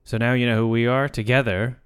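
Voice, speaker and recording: A man's voice: medium pitch, steady tone, fairly quick, smooth. A man co-hosting a podcast in casual chat, rambling and self-mocking, often slipping into silly voices, recording indoors at night. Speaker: podcast co-host.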